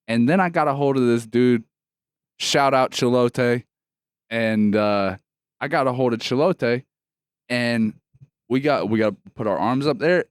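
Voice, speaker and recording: A man's voice: medium pitch, dry recording, studio quality. A man, co-hosting a podcast in casual chat and telling stories full of swearing and laughter. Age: 30s. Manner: profane, laughing storyteller. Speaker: podcast co-host.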